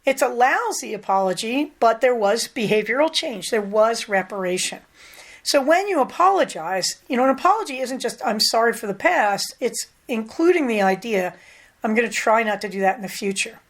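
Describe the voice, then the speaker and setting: An older woman hosting a podcast, talking candidly in a casual, conversational monologue with lively emphasis. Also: a little high, normal speed. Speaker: podcast host.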